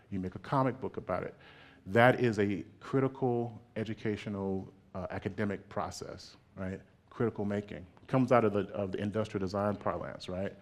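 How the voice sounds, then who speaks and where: A man giving a public artist talk in an animated way, laughing often and checking in with "right?". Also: on the low side.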